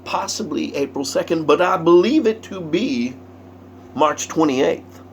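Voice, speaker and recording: A man putting on the voice of a cryptic older man who speaks slowly and knowingly. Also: on the high side, expressive, slight background noise, voice pushed up. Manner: slow, deliberate, drawn-out delivery.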